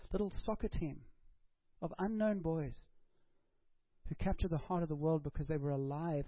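A man's voice: sits high, no echo, dull audio. Man preaching with rhetorical questions. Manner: rhetorical questions, acts out prayers and dialogue. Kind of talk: sermon.

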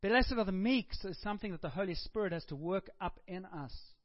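A man preaching a sermon, dropping to a hush and then rising to emphatic, acted-out quotes. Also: high-pitched, expressive, brisk, no room sound. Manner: swings between hushed and emphatic, acts out quotes. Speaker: pastor. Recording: muffled dull recording.

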